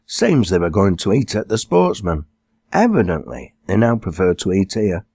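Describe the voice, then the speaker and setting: A man's voice: sits low, big pitch swings, normal speed, darkish tone, breathy edge, no echo, studio quality, full character voice. A man voicing a cheerful, reassuring young woman from a farm family, in an audiobook. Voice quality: upbeat, reassuring.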